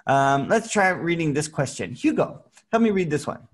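A man teaching English to children in an online class, speaking slowly and clearly with a patient, playful manner. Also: a little high, big pitch swings. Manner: patient, slow and clear, playful sound effects.

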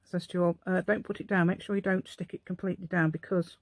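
A woman's voice: lowish voice, steady tone, quick pace, darkish tone, dry recording. Woman, middle-aged, rambling craft-channel host, mock-posh telephone voice, dry sound. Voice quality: playful put-on posh telephone voice. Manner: rambling, chatty, talks to herself while working. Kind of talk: casual crafting demonstration.

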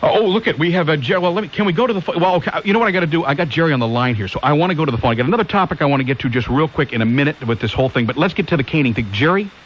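A man's voice: on the high side, expressive, racing, hardly any pauses. A man hosting a conservative call-in talk radio show who rambles and keeps asking listeners rhetorical questions. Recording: hissy lo-fi 1990s AM radio.

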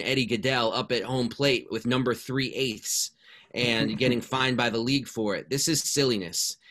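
A man on a sports panel arguing his point emphatically, stacking up sharp rhetorical lines. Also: mid-range voice. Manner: emphatic, building rhetorical lists. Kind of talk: panel discussion.

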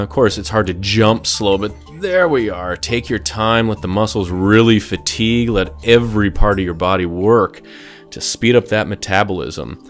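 A man's voice: lowish voice, moderate pace, soft background music. A man coaching a burpee workout in an upbeat, jokey way, sometimes out of breath. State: out of breath at times. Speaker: fitness instructor. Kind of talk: workout instruction.

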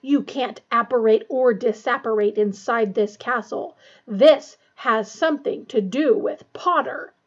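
A woman's voice: high voice, takes it slowly, creaky, few pauses, breathy edge, muffled recording, heavily acted. A woman voicing a furious, vindictive male professor who roars accusations. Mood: roaring. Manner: roaring, accusing.

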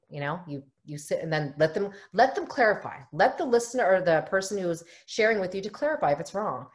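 A middle-aged woman family therapist leads a workshop for parents, her voice sitting a little low. She talks with energy and slips into quick acted-out lines for parents and children. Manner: lively, often acts out parent and child in quoted lines. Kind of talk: live online workshop talk.

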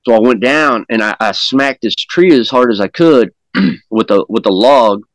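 A man's voice: mid-range voice, expressive, normal speed, no room sound, poor audio. A man casually telling a story as an interview guest, plain-spoken and rambling, often repeating words as he goes. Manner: folksy, plain-spoken grammar. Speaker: guest recounting an encounter.

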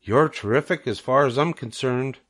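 A man's voice: medium pitch, animated, normal speed, a bit bright, voice pushed up, close to an everyday voice. A man reading aloud and voicing a wise, kind female spider with a lifted, tender delivery.

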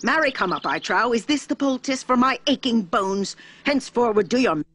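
A woman's voice: fairly high pitch, animated, normal speed, a bit bright, slight background noise. A woman playing a fussy, complaining old nurse who teases and groans about her aches. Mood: teasing.

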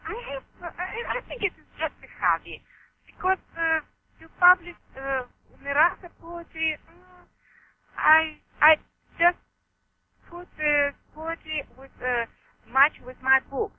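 A high-pitched woman with a Russian accent speaks slowly and haltingly, often pausing to search for words and laughing between phrases. She comes through a dull, muffled lo-fi line. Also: expressive. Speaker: author guest. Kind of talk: interview answers.

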